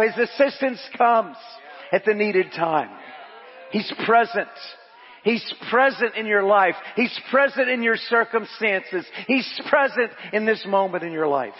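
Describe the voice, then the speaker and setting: Pastor preaching in an echoey hall. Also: male voice, sits high, husky, lo-fi sound. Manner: reads scripture and quotes aloud, repeats phrases for emphasis; asks the congregation to repeat lines. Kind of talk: sermon. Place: church.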